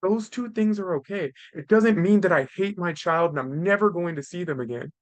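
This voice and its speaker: A podcast host in his thirties talks through parenting advice in a casual, earnest way. His voice sits fairly high for a man. The sound is dry, with almost no room echo. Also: normal speed. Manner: earnest, tags nearly every point with "right?".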